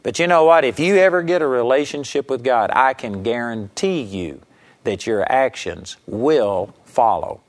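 A middle-aged male pastor preaching a broadcast sermon with an animated, storytelling delivery. His pitch climbs sharply when he quotes people and sinks low and quiet when he drives a point home. He has an average-pitched voice. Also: moderate pace. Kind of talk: radio sermon teaching.

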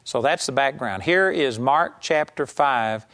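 A man's voice: mid-range voice, expressive, a bit bright. Conversational male Bible teacher. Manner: conversational, emphatic, reads scripture slowly. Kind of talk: teaching sermon.

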